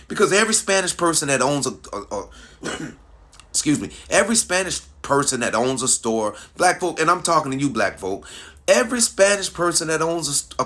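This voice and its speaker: A man commenting to his online followers, animated and repetitive, with frequent restarts and rhetorical questions. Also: a little high. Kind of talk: casual monologue to social media followers.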